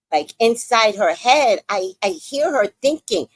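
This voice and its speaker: A woman podcast host telling a story in an animated way, acting out the quotes. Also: measured pace, dry recording. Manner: lively anecdote with acted-out quotes, swings between high and low pitch.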